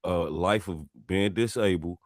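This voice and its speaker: A man's voice: low voice, measured pace, no echo, clean studio sound. A male comedian hosting a podcast, chatting in a laid-back, slangy way. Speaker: podcast host. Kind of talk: casual podcast chat.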